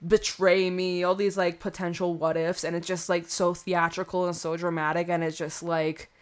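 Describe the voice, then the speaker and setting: A woman's voice: lowish voice, little pitch movement, moderate pace. A woman giving a casual tarot reading to camera, chatty and rambling, often laughing at herself. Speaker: tarot reader.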